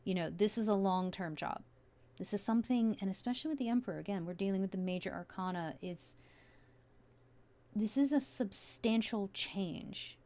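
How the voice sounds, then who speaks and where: A woman's voice: medium pitch, moderate pace, warm tone. A woman giving a casual tarot reading, musing aloud with many fillers as she turns the cards. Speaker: tarot reader.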